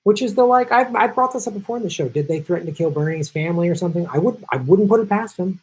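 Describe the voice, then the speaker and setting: A man's voice: sits high, lively intonation, quick pace, a little mellow, slightly rough, low-quality recording. A middle-aged man hosting a political commentary show, reading viewer questions and going off on emphatic, rambling rants, laughing easily.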